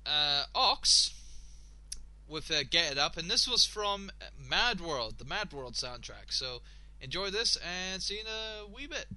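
A man hosting a radio show, ranting and swearing in exasperation, his voice slightly hoarse. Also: fairly high pitch, sing-song, measured pace, pushed and bright. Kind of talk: casual solo radio talk.

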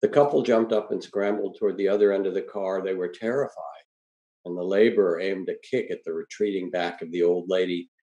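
A man with a low, deep voice reads a story aloud, calm and measured. His tone is mellow and soft-edged. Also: dull audio.

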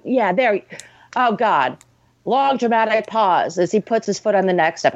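A woman's voice: medium pitch, expressive, moderate pace, no room sound. A woman co-hosting a casual film-review podcast, ranting and swearing, and mocking scenes in put-on voices. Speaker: podcast co-host. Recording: dry, dull lo-fi sound.

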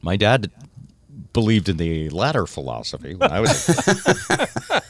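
Deep voiced guy hosting a chat show, talks with lots of fillers, animated. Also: measured pace, no echo. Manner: chatty, steers topics, thinks aloud with fillers. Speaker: host. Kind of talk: casual radio talk show.

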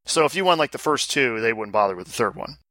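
Podcast host guy, bright voice, dry close sound, explains stuff at length and repeats himself. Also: mid-range voice, animated, quick pace, dry recording. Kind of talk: casual chat.

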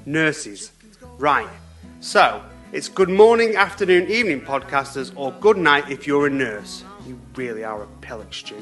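A man doing a grumpy, bossy farm podcast host. He snaps at his sidekick with a bright, tense edge, a touch higher than most men, over faint music. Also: sing-song, measured pace. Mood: exasperated. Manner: exasperated, snapping insults. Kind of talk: scripted comedy sketch.

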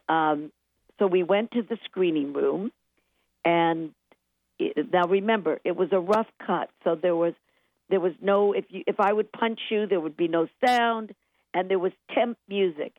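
An older woman with a fairly low voice tells lively showbiz stories, slipping into the voices of the people she quotes. She sounds thin and tinny, as if she is on a phone line, and the sound is dry and close. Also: unhurried, no room sound. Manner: lively anecdotes, acts out quotes, laughs often. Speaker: guest songwriter. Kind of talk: animated storytelling interview.

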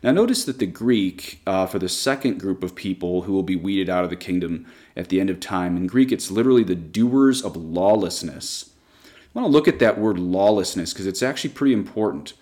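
A man teaching a Catholic Bible study, explaining word meanings with enthusiasm and slowing down to spell out Greek terms. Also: sits low, expressive, a little mellow.

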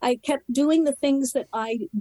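A woman telling her personal recovery story in conversation, candid and earnest, in short halting phrases. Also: sits high, dark tone, dry recording, poor audio. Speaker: interview guest.

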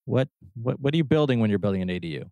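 A man hosting a podcast, friendly and a little halting as he introduces his guest. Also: medium pitch, lively intonation, warm tone, dry recording, highs cut off. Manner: friendly, slightly halting with fillers and restarts. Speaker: podcast host.

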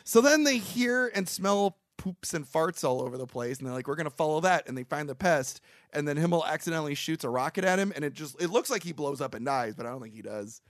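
A man with a high voice riffs on a podcast about a bad film, sardonic and swearing. His pitch leaps around, and the recording is dry and close. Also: lively intonation, quick pace, dry recording. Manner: sardonic, swearing, quoting characters. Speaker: podcast co-host. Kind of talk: casual chat, recapping a movie.

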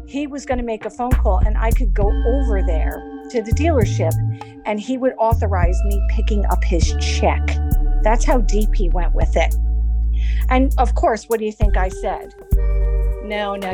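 A woman in her forties casually recounting her own story in an interview, rambling and acting out bits of dialogue. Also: mid-range voice. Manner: rambling, with frequent restarts and quoted dialogue. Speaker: victim telling her story.

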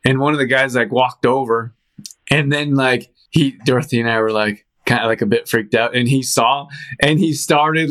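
A man hosting a show, chatting casually in a rambling, animated storytelling way with frequent restarts and fillers. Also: mid-range voice, normal speed. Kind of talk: casual chat.

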